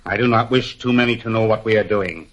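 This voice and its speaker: An actor playing a cold, menacing master criminal who speaks in a measured, formal, threatening way in a 1940s radio drama. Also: male voice, fairly low pitch, close to an everyday voice, rough recording. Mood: commanding.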